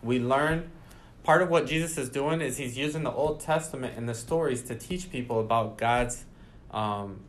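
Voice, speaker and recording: Reading Bible passages aloud and then talking through what they mean in plain terms, a man runs an informal study session. His voice is medium in pitch and his pace moderate.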